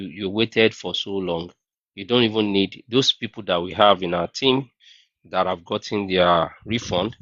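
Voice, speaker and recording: A man hosting a casual livestream, talking in an animated, incredulous way and often mimicking others in a raised voice. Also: on the low side, no echo, highs cut off. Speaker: livestream host. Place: New Zealand.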